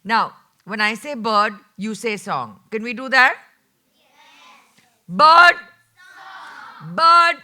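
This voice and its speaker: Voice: mid-range voice, expressive, measured pace, pushed and bright. An event host introducing a storyteller and getting a children's audience to call back. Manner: upbeat, gets the crowd to call back.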